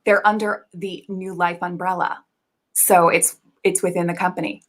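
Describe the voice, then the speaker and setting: A woman's voice: lowish voice, little pitch movement, normal speed, natural voice, low-quality recording. Bossy, condescending corporate executive woman, as an actress plays her; pompous, heavy on jargon, improvised comedy. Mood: haughty. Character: bossy female biotech executive, pompous and dismissive.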